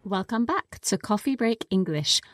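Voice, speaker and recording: A woman co-hosts an English lesson podcast, patiently explaining words step by step in a clear teaching manner. Her medium-pitched voice is expressive and moves at normal speed, with music playing underneath.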